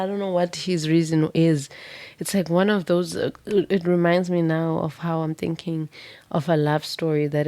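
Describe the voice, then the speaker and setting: A woman with a low, deep-set voice gives a pick-a-card tarot reading. She spins it into a vivid, dramatic story with casual swearing, and the close, dry sound has no room echo. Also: darkish tone.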